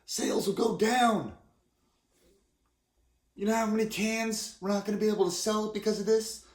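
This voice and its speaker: A man voicing a loud, panicky male alcohol lobbyist who complains in an alarmed, shrill way. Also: steady tone, normal speed, reverberant.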